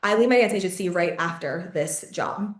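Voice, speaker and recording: A young adult woman hosting a podcast, telling a personal story in casual chat, heavy on fillers, swearing and quick laughs. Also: lowish voice, expressive, roomy sound. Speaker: podcast host.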